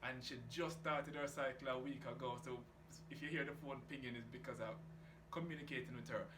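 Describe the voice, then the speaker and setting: Geese and other outdoor sounds drift through an open door into the echoey home room where this reef tank hobbyist sits by his aquarium. His medium-pitched, fairly bright voice holds a steady tone as he briskly and casually chats about the hobby, cursing freely.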